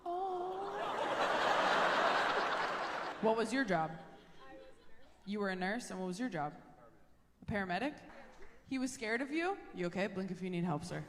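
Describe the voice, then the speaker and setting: A woman comedian doing brash, sarcastic stand-up with quick crowd banter. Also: medium pitch, expressive. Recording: echoey theater with loud crowd noise. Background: audience laughter.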